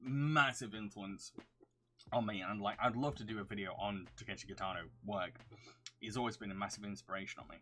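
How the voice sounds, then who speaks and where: Chatty low-voiced young man from northern England. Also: brisk, bright, forceful tone. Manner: chatty, rambling, hums filler syllables between questions. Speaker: YouTube reviewer answering viewer questions. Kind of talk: casual livestream Q&A.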